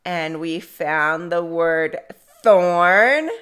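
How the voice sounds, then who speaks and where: A young woman speech therapist leading toddler speech practice, drawing out each word slowly for children to repeat. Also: on the low side, a bit bright, clear, resonant tone. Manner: slow, drawn-out words for children to repeat.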